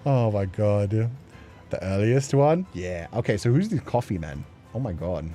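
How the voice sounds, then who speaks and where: A man's voice: fairly low pitch, sing-song, measured pace, mellow, soft background music. A man hosting a casual livestream chat show, rambling with lots of filler words and laughing often as he reads viewer messages.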